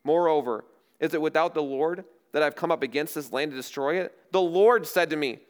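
A proud ancient envoy hurls taunts at a besieged city, as a man reads his words from scripture. The voice sits higher than the reader's own, declaiming with scornful confidence, smooth and clear. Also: brisk, natural voice. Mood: taunting.

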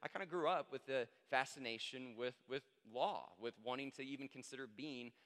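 A man in his thirties preaching a sermon, an animated storyteller who acts out the quotes. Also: medium pitch, a little fast. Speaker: pastor. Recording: long hall reverb.

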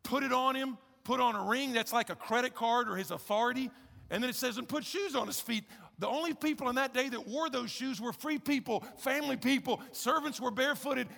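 A man's voice: very high-pitched, fairly quick, gravelly, a bit bright. A man preaching a sermon as a pastor, emphatic and conversational, often telling listeners to listen. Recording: reverberant hall sound.

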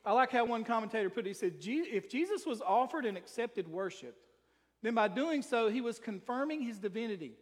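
A man's voice: very high-pitched, expressive, brisk. A man preaching an emphatic sermon in a church, reading scripture aloud as pastor. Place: church sanctuary. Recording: long reverb from a large hall.

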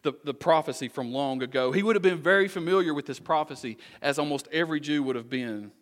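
Folksy pastor preaching a sermon. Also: male voice, a little high, fast. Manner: conversational, rhetorical questions, folksy asides.

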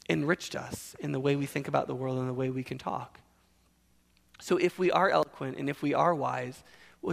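A man's voice: on the high side, vocal fry, fairly bright tone, long reverb tail. A man preaching a sermon, emphatic, asking and answering his own questions.

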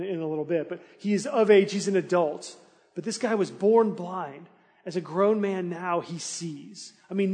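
A man preaching a sermon as a pastor, telling the story with animated energy and briefly acting out the townspeople's voices. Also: high-pitched, long reverb tail.

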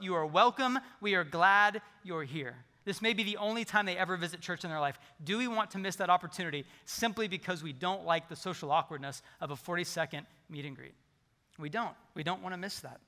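Man, pastor, high bright voice, lively conversational sermon, long church reverb. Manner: animated, conversational preaching with humor. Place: large church sanctuary.

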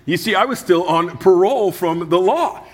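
A man delivers a sermon with a somewhat high, husky voice. He preaches earnestly and passionately. He lightens his message with humorous stories from his own life. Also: lively intonation, moderate pace. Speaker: pastor.

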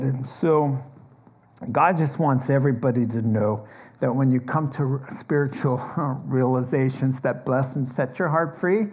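A man preaching a sermon as pastor, earnest and emphatic, explaining scripture step by step in a conversational teaching tone. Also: unhurried. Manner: earnest, emphatic preaching that climbs higher and louder on key points. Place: church.

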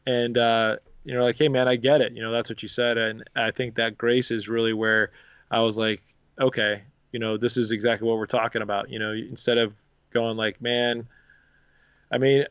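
Relaxed man talking on a podcast. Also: medium pitch, moderate pace, clear, resonant tone, no echo, dull audio. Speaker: podcast co-host. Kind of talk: casual faith podcast chat.

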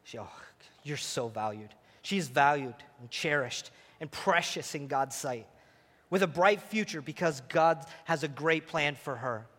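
High-voiced male preacher in a reverberant hall. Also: a little slow. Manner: animated storytelling, drops to soft intimate tone for quoted prayers. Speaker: pastor. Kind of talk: sermon. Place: church hall. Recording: long reverb of a large hall.

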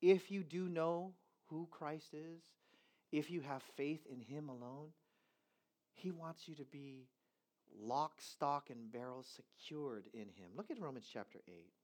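A man preaching a sermon emphatically, moving from low, quiet stretches into loud, raised passages. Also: measured pace.

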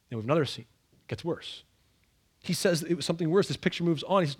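A man preaching an expository sermon, dramatic and animated, acting out the scripture with sudden raised outbursts. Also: fairly high pitch, fast, long pauses, husky.

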